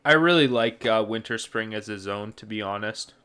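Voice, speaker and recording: A man's voice: fairly low pitch, moderate pace, clean tone. Laid-back man chatting while gaming. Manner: relaxed, rambling, lots of fillers. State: yawning, sleepy. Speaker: streamer. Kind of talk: casual gaming chat with chat viewers.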